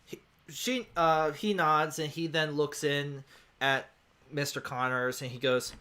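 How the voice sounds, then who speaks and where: A man's voice: a little high, fairly even intonation, measured pace, pushed and bright. A man narrating a tabletop role-playing game as game master, in a casual, rambling way full of fillers.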